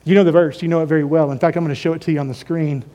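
High-voiced emphatic male preacher. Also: steady tone, racing, mellow. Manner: emphatic, repeats phrases, asks the congregation questions. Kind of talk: sermon.

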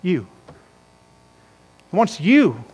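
Emphatic pastor with a high voice. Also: male voice, huge pitch swings, a little mellow, breathy edge. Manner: emphatic, slows down to stress key words. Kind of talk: sermon. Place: church sanctuary.

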